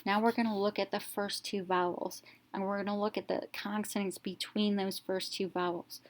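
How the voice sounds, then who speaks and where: A woman teacher narrating a reading lesson, explaining each step slowly and clearly in an instructional voice-over. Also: medium pitch, little pitch movement.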